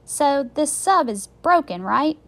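A woman voicing an eager, curious young girl in a storybook read-aloud, with an excitable manner. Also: takes it slowly, exaggerated voice. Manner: excitable, high and bright.

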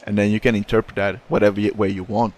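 A man's voice: lowish voice, little pitch movement, fast talker, a little mellow. A man casually commenting on his own football video game match, rambling, joking and swearing at the players. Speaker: gaming YouTuber.

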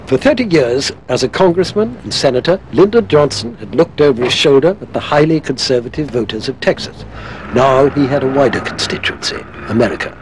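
A man narrates a documentary with a mid-range voice and lively pitch movement. The read is measured, with a faint background hiss. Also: rough recording. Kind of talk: scripted narration.

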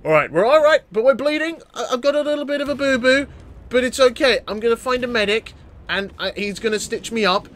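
A young man with a high, bright-sounding voice narrates his gameplay in a loose, joking way. He gets excited quickly and stumbles into stammered restarts as the action unfolds. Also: slight background noise. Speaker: gaming YouTuber. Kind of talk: casual gameplay commentary.

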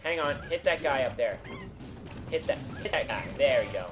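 A young man co-hosting a let's play, giving goofy, excitable commentary and bossing his partner around. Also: medium pitch, normal speed. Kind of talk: casual gameplay commentary. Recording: game music underneath.

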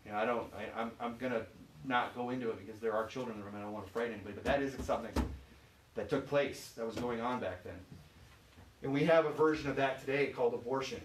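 A male pastor from Michigan preaching loosely and conversationally, peppering his talk with "you know" and questions to the pews. His voice sits at an ordinary middle pitch and is picked up from a distance, ringing around a reverberant church room with a faint hiss underneath. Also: fast. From Michigan, USA. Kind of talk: informal sermon. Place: church sanctuary. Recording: echoey church, voice from far off.

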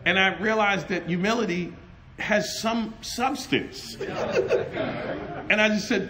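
A middle-aged man preaching a sermon at a conference, telling personal stories with animated, laughing delivery and acted-out dialogue. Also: high-pitched, slow, pauses often, noisy background. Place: conference hall.

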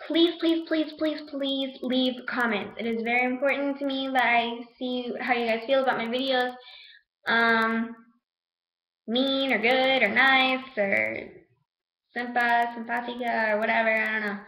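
A teenage girl with a high voice talks straight to her camera, chatty and sassy, tossing in scolding asides. The sound bounces around a bare room at home, picked up by the camera's own mic. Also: steady tone, measured pace, pushed and bright, reverberant, rough recording. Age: teens. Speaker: vlogger. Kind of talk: casual vlog talk to camera.

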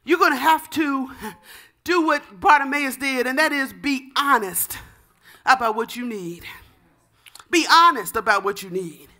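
A woman pastor delivering a fervent sermon, building to shouted repeated calls and easing into a softer teaching tone. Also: sits high, measured pace.

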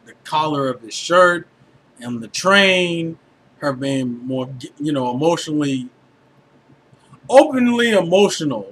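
Bright-voiced, high-pitched male anime reviewer. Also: a little hiss or hum. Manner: animated, profane, filler-heavy. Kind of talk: casual review commentary.

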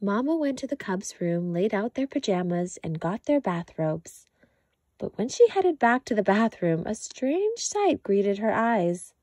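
A woman's voice: mid-range voice, no echo. A woman reading a children's picture book aloud as narrator. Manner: slow, lively storytelling. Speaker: storytime reader.

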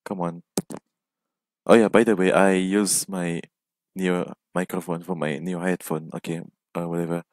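A man's voice: low-pitched, little pitch movement, moderate pace, no room sound. A man giving casual, jumpy commentary while playing a game alone at home, recorded on a headset microphone. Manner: jumpy, nervous, frequent startled exclamations. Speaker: gameplay commentator.

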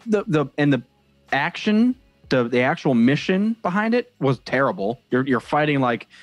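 A man's voice: mid-range voice, sing-song, normal speed, no room sound, faint music behind. A young man co-hosting a casual podcast, rambling and self-deprecating with many hesitations. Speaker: podcast co-host.

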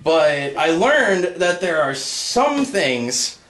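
Slow, lively-pitched young stand-up comedian. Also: male voice. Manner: halting delivery with many ums and uhs, jumping into high-pitched put-on voices. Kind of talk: stand-up set before a live crowd. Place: comedy stage with a live audience.

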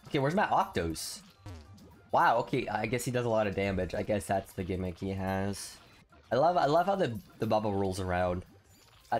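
Excitable young man narrating gameplay. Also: mid-range voice. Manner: excitable, swings from grumbling to shouting. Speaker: gaming video host. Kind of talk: casual gameplay commentary.

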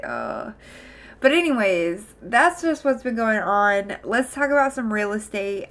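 A woman's voice: mid-range voice, fairly bright tone. A young woman streaming, chatting casually to her viewers in a rambling way with lots of fillers and restarts. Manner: chatty, rambling, with frequent fillers and self-corrections.

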